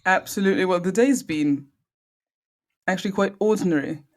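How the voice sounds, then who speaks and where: A woman's voice: on the low side, moderate pace. A woman from France with a French accent, chatting as a guest and carefully correcting pronunciation. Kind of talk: casual interview chat.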